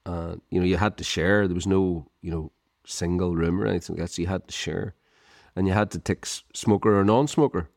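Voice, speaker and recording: A middle-aged Irish man telling a long, rambling story on a podcast, peppered with "you know" and chuckles. His voice sits a little low. The sound is close and dry. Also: fairly even intonation, a little fast, vocal fry, darkish tone, dry recording. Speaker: podcast co-host. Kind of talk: casual storytelling chat.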